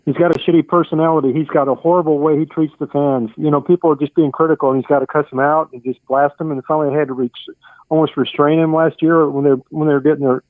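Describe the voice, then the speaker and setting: An older man calls in over a tinny, dry phone line. He is chatty and blunt, excusing his own cursing as he goes, and his voice sits a little high. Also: steady tone, quick pace, dry recording. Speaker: caller. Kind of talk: casual sports chat.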